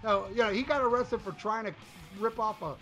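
A man with a high, bright voice talks casually on a podcast. He rants and mocks with plenty of profanity. Faint music plays under him. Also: fairly even intonation, fairly quick. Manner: profane, ranting, mocking. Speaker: podcast co-host reviewing an album. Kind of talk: casual chat.

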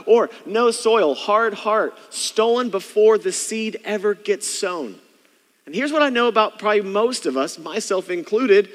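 High-voiced male pastor in an echoing church. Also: animated, normal speed. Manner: conversational preaching, mimics churchgoers' inner thoughts. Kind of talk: sermon. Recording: long hall reverb.

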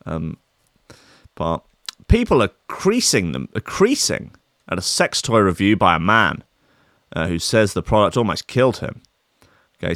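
A man's voice: sits low, a bit bright, no room sound, studio quality. A man hosting a casual live stream, rambling and apologetic, swearing and poking fun at himself. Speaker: stream host.

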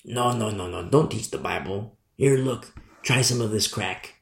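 Man doing a sly tempting devil, wheedling, low and hushed, gravelly edge, roomy echo. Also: moderate pace. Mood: coaxing. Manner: wheedling, coaxing.

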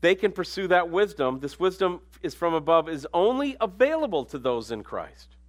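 A man preaching in a loose, conversational sermon style. His voice sits a little high for a man. He slips into soft asides, then rises into emphatic, stressed lines. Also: very animated, moderate pace. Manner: conversational, swings between quiet asides and emphatic raised lines.

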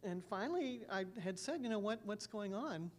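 A woman pastor sharing earnest personal stories in a church sermon, with soft laughs between thoughts. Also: mid-range voice, expressive, moderate pace, a little hiss or hum.

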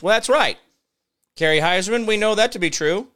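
Brief: male show host, high, bright voice, sarcastic ranting commentary. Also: brisk, clear, resonant tone.

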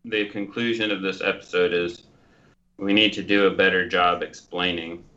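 A man joins the podcast over a dull, lo-fi line. His lowish voice is bright and tense. He thinks aloud haltingly and restarts his sentences. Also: fairly even intonation. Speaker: podcast co-host. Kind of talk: casual chat.

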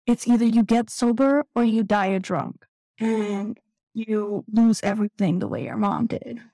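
A woman's voice: medium pitch, warm tone, no room sound, rough recording. Candid woman telling a painful story. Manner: candid, halting, tearful at times. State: close to tears. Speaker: guest sharing recovery story. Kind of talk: emotional personal testimony.

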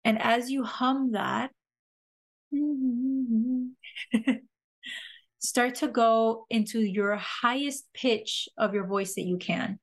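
A woman hosting a podcast, slowly and gently guiding listeners through a breathing and humming exercise. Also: on the high side, fairly even intonation. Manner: gentle, slow guiding instructions with soft laughs. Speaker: podcast host leading a somatic exercise.

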